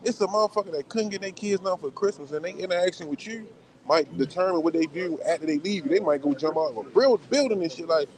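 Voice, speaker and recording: A man chiming into a casual livestream as a guest. His voice sits high and he talks at a rapid clip, animated and full of repeated filler questions.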